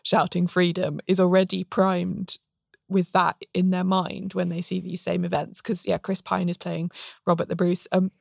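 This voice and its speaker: A woman co-hosting a podcast who gives wry, measured remarks on a film in a casual chat. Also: fairly low pitch, little pitch movement, gravelly, darkish tone, no echo, clean studio sound. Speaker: podcast co-host.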